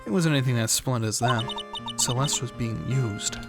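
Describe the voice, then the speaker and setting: A woman reading a low, bitter young woman. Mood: somber, bitter. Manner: low, measured, somber telling. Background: loud game music.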